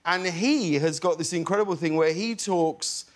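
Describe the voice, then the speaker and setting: A British man in his forties, a talk show guest telling stories in halting, animated bursts and acting out quotes. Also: a little high. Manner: animated, halting storyteller who acts out quotes.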